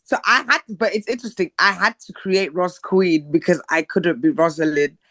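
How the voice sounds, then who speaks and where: Soft-spoken reflective woman, dry sound. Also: lowish voice, moderate pace, dry recording. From Zimbabwe. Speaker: podcast guest, singer. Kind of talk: casual interview chat.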